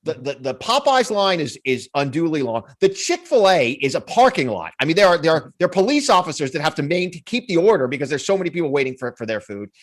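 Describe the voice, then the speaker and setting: A man co-hosting a casual podcast, telling rambling, jokey stories. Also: high-pitched. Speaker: podcast co-host. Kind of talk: casual chat.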